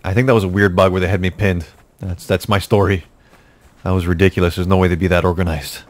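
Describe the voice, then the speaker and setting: Low-voiced male gaming host, muttering jokey play-by-play with a light hiss behind. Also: flat delivery, fast. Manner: talks to himself, jokey, exasperated outbursts. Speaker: gaming YouTuber. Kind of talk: casual gameplay commentary.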